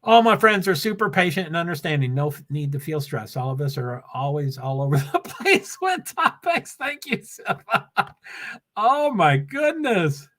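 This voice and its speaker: Older male stream host, slightly high voice, scattered chatty delivery. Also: very animated, moderate pace, hardly any pauses, fairly bright tone. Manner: chatty and scattered, reading viewer comments aloud. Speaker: livestream host. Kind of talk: rambling casual livestream chat. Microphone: laptop.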